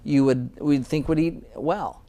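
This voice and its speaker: A man's voice: a little high, fairly even intonation, a little slow, mellow. A middle-aged American dentist in a casual interview, earnest and sometimes getting emotional about his work. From United States.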